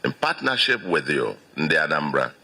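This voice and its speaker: Deep-voiced Nigerian man giving a speech. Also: very animated, gravelly, pushed and bright, slightly rough, rough recording. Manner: halting, repeats phrases for emphasis. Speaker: state governor. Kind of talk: victory speech.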